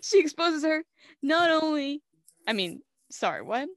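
A woman's voice: sits high, very animated, unhurried, dry recording, studio quality. Giggly young woman, mimicking movie lines. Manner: giggly, acts out lines in playful voices. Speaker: movie review co-host. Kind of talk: casual chat.

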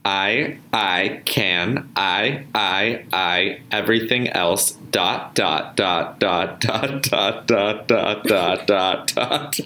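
A man voicing a male chatbot in a light robotic manner, reading a script aloud with halting, stuttering repeated words. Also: fairly low pitch, sharp tone, slight background noise, heavily acted. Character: male chatbot, terse and repetitive.

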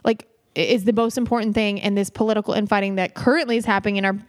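A woman co-hosting a podcast in casual chat, animated, laughing often and swearing freely, a bit hungover. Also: mid-range voice, very fast. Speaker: podcast co-host.

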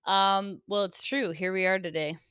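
A woman's voice: mid-range voice, steady tone, normal speed, fairly bright tone, clear, resonant tone, dry recording, clean studio sound. A woman, hosting a casual solo podcast, a little shaky from caffeine, rambling and giggling as she talks. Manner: rambling, giggly, self-interrupting. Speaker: podcast host.

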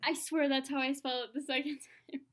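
A woman from Texas in a casual podcast chat, playful and unsure, spelling words out slowly. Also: sits high, level tone, fairly bright tone. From Texas, USA. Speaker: podcast co-host spelling in the bee.

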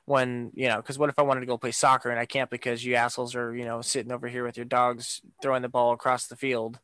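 A man's voice: medium pitch, little pitch movement, fast talker, a bit bright, clean tone, no echo. A man co-hosting a casual chat, ranting with lots of swearing and fillers.

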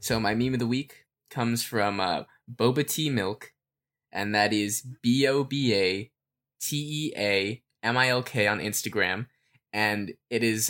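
A man of ordinary pitch co-hosting a casual podcast. He rambles through fan theories at an easy pace, trailing off and filling gaps with ums and likes. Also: unhurried. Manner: relaxed, rambling with fillers. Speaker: podcast co-host.

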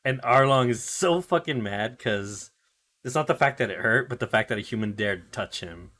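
A man's voice: medium pitch, lively intonation, moderate pace, sharp tone. A man co-hosting a podcast, retelling anime episodes in loose casual chat full of fillers, swearing and acted-out character lines. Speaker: podcast co-host recapping anime.

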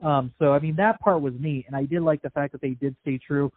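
A man's voice: on the high side, a little fast, no echo. A man co-hosting a podcast, casually recounting game and film history in a hesitant way with many fillers. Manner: fact-listing, hesitant with fillers. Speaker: podcast co-host. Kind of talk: casual movie review chat. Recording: dry, tinny phone-like sound.

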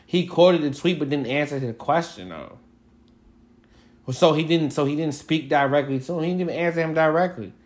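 A man's voice: a little high, moderate pace. A man co-hosting a podcast, talking basketball in a rambling, casual way with many fillers and restarts. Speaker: podcast co-host. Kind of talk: casual sports chat.

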